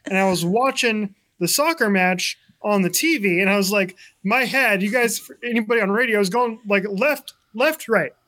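A man co-hosting a sports talk show, telling a story in a chatty, animated way. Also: sits high, normal speed, hardly any pauses. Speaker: sports radio co-host.

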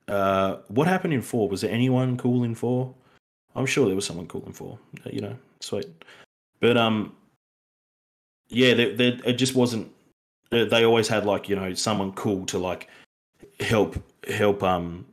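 A man with an Australian accent co-hosting a podcast, rambling through a casual film review, laughing and acting out lines from the film. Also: lowish voice. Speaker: podcast co-host.

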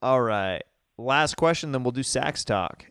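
A man's voice: mid-range voice, lively intonation, a little slow, fairly bright tone, clear, resonant tone, no room sound, studio quality. A male podcast host telling a story animatedly in casual chat, calling people dude.

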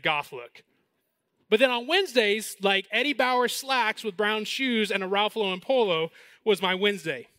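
A man in his forties preaching a sermon as pastor, with animated storytelling that slows and softens for the message. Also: sits high, no echo.

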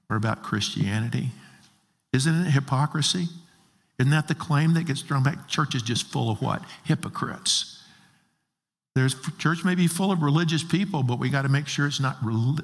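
A man preaching a sermon as a pastor, emphatic and full of rhetorical questions. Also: mid-range voice. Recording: long reverb of a large hall.

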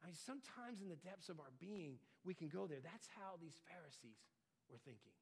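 A man preaching a sermon, earnest, swelling louder and dropping quiet for emphasis. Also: lively intonation, a little fast, creaky, breathy edge. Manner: earnest, rises and falls in pitch and loudness for emphasis. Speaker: pastor.

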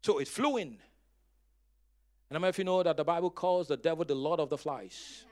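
A male pastor preaching a sermon in a dramatic style, telling stories with humor and breaking into loud bursts of emphasis as he calls on the congregation to respond. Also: a little high, brisk, slight background noise. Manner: storytelling with humor.

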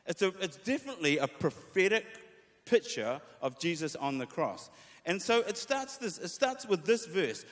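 Man, pastor, fairly high voice, animated sermon, scripture read with feeling, long hall reverb. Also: moderate pace. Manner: animated preaching, reads scripture aloud with feeling. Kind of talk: sermon to worship leaders.

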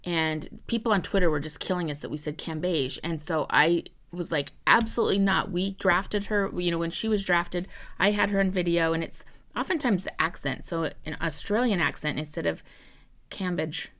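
A woman basketball broadcaster in casual chat, telling stories in an animated way. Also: lowish voice, moderate pace.

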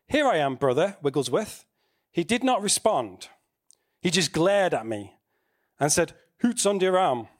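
A man preaching a sermon in a conversational way, asking the congregation questions. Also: on the high side.

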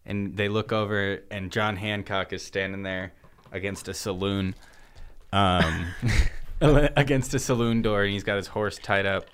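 A man's voice: fairly low pitch, a bit bright, clear, resonant tone. A comedian guesting on a podcast in a studio, rambling through an absurd improvised story and correcting himself as he goes. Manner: slow, rambling, self-correcting.

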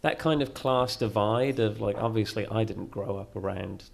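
A man's voice: fairly low pitch, moderate pace, creaky. A man from England in the audience, answering a question casually with many fillers. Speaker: audience member. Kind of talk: live panel discussion.

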